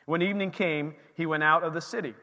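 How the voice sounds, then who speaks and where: A male pastor delivers an animated sermon in a high, bright voice, firing off rhetorical questions. His voice rings with long reverb in a church hall. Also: fast talker.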